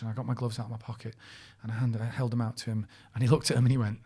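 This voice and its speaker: Fast-talking man telling stories. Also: medium pitch, flat delivery, dark tone, breathy edge. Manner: storytelling, laughs often, mimics people he quotes. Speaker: podcast co-host. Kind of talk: casual chat.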